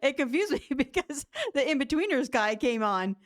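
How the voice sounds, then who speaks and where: A woman's voice: high-pitched, lively intonation, moderate pace. An American woman co-hosting a video reaction, chatty and giggly in casual chat.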